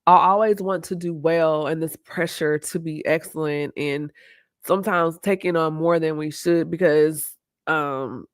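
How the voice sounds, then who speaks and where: A woman's voice: low-pitched, steady tone, a little slow, dry recording, studio quality. A woman hosting a live online talk, speaking openly and reflectively and laughing easily. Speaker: host. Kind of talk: candid live-stream conversation.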